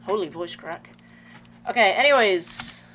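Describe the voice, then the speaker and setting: Animated but a little slow, a young woman with a mid-range, fairly bright voice streams a game and rambles to chat in a slangy, casual way. There's game music and slight background noise.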